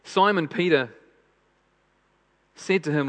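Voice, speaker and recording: A man's voice: on the high side, lively intonation, normal speed, fairly bright tone. A man preaching a sermon in an earnest way, repeating phrases for emphasis. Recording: long hall reverb.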